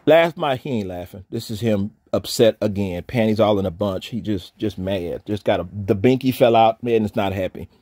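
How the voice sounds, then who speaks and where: A man, ranting on a livestream, profane and taunting, dropping from low mutters to loud shouting. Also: normal speed, hardly any pauses. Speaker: streamer pastor.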